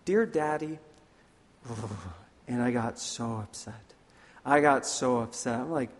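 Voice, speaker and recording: A man preaching a sermon in an earnest way, slipping into lively voices when he tells a story. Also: medium pitch, slow. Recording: long hall reverb.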